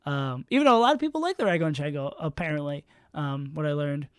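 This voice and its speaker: A man's voice: a little high, animated, fast, clean tone, no room sound, clean studio sound. A man streaming live, casually talking through player rankings in a rambling, self-mocking way. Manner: rambling, self-mocking, many fillers and restarts.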